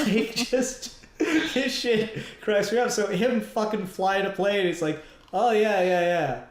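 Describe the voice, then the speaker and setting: A laid-back podcast co-host chats loosely about a film, swearing freely. The voice sits mid-pitch and sounds roomy, with audible echo. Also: slow pace. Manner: relaxed, swears casually. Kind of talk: casual film discussion.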